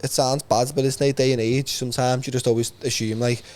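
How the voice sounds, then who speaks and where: A man hosting a podcast in a quick, jokey, casual chat. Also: mid-range voice, level tone, darkish tone, no room sound. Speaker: podcast host.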